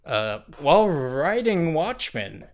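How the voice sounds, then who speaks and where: Brief: young male podcast co-host, unhurried delivery, dry and deadpan, a bit wry. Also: a little high. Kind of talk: casual chat.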